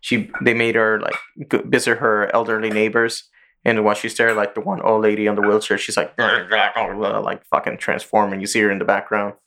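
A man with a slightly low voice hosts a podcast in easygoing chat. He walks through a show's plot in a loose, rambling way, peppered with profanity. He sounds relaxed and conversational. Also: moderate pace. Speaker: podcast host. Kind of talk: casual chat.

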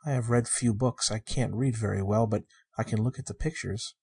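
A man reading the part of a shy, wondering sixteen-year-old girl, in a soft, earnest and innocent way. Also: fairly low pitch, normal speed, gravelly, breathy edge, heavily acted.

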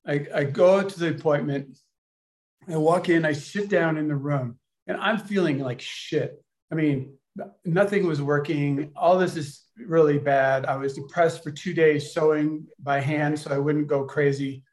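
Male storyteller, slightly high-pitched, casual and halting, rambling delivery. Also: fairly even intonation, darkish tone. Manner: rambling, halting with many restarts. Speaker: storyteller at a gathering.

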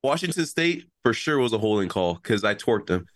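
A man's voice: fairly low pitch, brisk, dry recording, studio quality. Young man telling a game story. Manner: animated storytelling, acts out quotes. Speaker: college football player. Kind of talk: casual chat.

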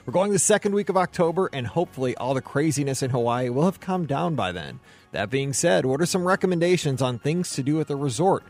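A man's voice: fairly high pitch, animated, quick pace, a little mellow, soft background music. A man with a Midwestern accent hosting a podcast, talking enthusiastically with plenty of restarts and reading listener emails aloud. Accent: Midwestern American. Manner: enthusiastic, many fillers and restarts. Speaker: podcast host.

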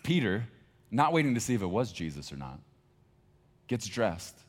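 A man's voice: on the low side, sing-song, moderate pace. A male pastor preaching a sermon in a conversational, emphatic storytelling manner.

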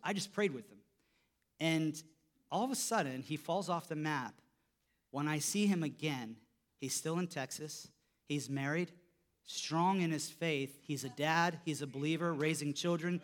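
A man preaching a sermon, telling a story, his voice dropping soft for quotes and rising when he stresses a point. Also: normal speed. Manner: storytelling, voice drops low for quoted lines and rises when emphatic. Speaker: pastor.

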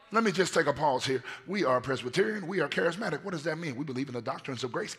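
A man preaching a lively sermon in a hoarse voice, swinging from shouts down to near-whispers and telling stories in casual slang. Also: on the high side, fast. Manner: casual slang-laced storytelling. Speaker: pastor.

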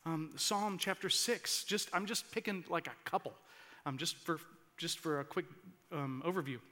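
A man's voice: a little high, normal speed, bright, forceful tone. A man preaching a sermon as pastor, earnest and rising to impassioned emphasis, with frequent restarts.

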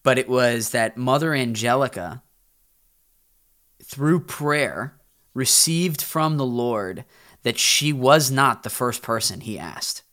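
A man's voice: medium pitch, animated, slow, a bit bright. A man hosting an interview show, talking in an earnest, reflective way. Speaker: podcast host. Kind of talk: casual interview chat.

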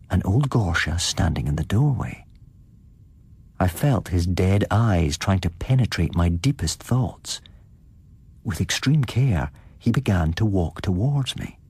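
A male podcast host narrates a ghost story at a measured, suspenseful pace. His voice is very low and husky. The sound is dry and close, with no room echo. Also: a little mellow.

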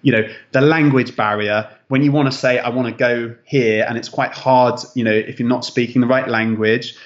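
Male guest, chatty storyteller, hesitant, lots of ums, mid pitch, muffled lo-fi audio. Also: steady tone, moderate pace. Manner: rambling, hesitant, many fillers and restarts. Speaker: travel content creator, guest. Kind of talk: casual interview chat.

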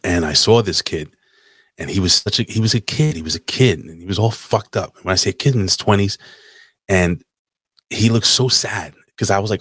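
Deep-voiced man telling a profane story. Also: brisk, a bit bright, slightly rough, no room sound, studio quality. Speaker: podcast host. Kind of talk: casual storytelling chat.

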